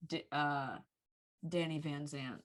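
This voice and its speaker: A woman's voice: low voice, steady tone, slow pace. A woman co-hosting a podcast in casual, playful chat. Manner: chatty and playful. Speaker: podcast co-host.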